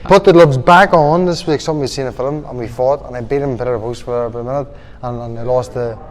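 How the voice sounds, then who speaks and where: A man's voice: medium pitch, steady tone, quick pace. A young man with a Northern Irish accent, a boxer telling rambling stories with laughs in a casual interview. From Northern Ireland. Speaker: boxer guest. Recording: long hall reverb.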